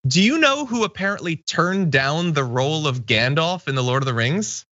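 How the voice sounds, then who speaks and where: A man hosts a casual news talk show with a bright, forceful voice. He reads viewer comments in a relaxed way and laughs easily. The sound is dry and a little dull. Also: fairly high pitch, moderate pace, no room sound. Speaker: host.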